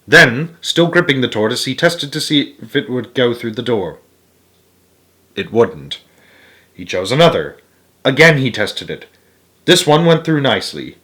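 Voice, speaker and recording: A man narrates a children's book aloud. He reads in a lively, expressive storytelling manner at an ordinary male pitch. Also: unhurried, long pauses.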